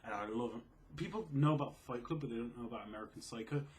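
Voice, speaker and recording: Quiet, mellow young man. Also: fast talker. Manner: quiet, low-key, self-described mellow and sleepy. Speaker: video creator answering viewer questions. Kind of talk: casual Q&A chat.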